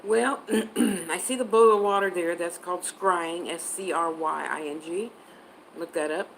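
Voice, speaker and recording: A woman's voice: lowish voice, measured pace, a bit bright, slight background noise, rough recording. A woman on a casual livestream as a psychic reader, chatting and answering viewer comments, sometimes spelling words out.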